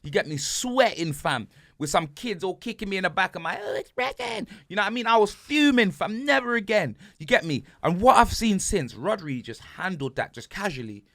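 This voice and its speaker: A man's voice: high-pitched, animated, brisk, a bit bright, no echo, clean studio sound. A man hosting a casual sports podcast, ranting animatedly in heavy street slang. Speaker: podcast host.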